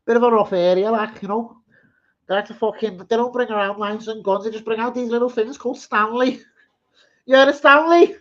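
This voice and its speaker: A man voicing a rough, boastful Liverpool man with a Liverpool accent, sweary and swaggering. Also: very high voice, fairly quick, a bit bright, voice pushed up. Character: rough Liverpool man boasting about his tough area. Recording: slightly muffled stream audio.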